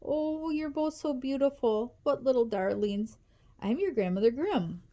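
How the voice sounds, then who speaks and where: A woman reading aloud and voicing an affectionate old grandmother with a hint of a German accent, speaking high and sweet. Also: lively intonation, a little slow, dark tone. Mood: gushing. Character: warm chubby old grandmother, affectionate and sly.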